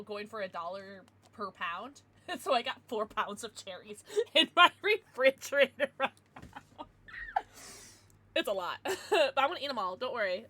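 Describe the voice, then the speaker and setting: Bubbly streamer girl, high voice that bounces all over, lots of giggles and cutesy baby talk. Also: sharp tone. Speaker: livestreamer. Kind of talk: casual livestream chat.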